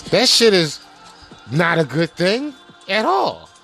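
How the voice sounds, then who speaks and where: A male podcast host in a casual rant, animated and profane, using street slang and firing rhetorical questions. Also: high-pitched, takes it slowly, vocal fry, faint music behind.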